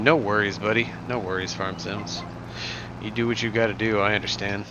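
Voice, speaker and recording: A man's voice: fairly low pitch, little pitch movement, normal speed. A young man streaming a game, chatting casually and jokingly as he reads chat aloud. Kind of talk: live gameplay stream chat. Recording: muffled, noisy recording.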